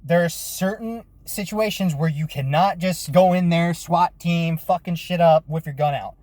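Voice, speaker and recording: A man telling a lively, profane story about his work as a bounty hunter, with frequent restarts. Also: a little high, moderate pace, dry recording. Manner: lively retelling with swearing and restarts. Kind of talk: casual storytelling vlog.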